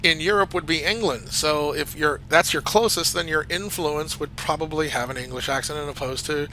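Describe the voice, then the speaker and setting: A man's voice: fairly high pitch, normal speed, pushed and bright, slight background noise, poor audio. A man reviewing a flight simulator add-on in casual commentary, chatty and enthusiastic with rambling asides.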